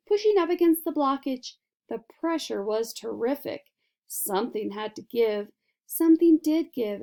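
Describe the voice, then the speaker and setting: A woman reading a children's storybook aloud with expressive, dramatic narration. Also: a little high. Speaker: reader.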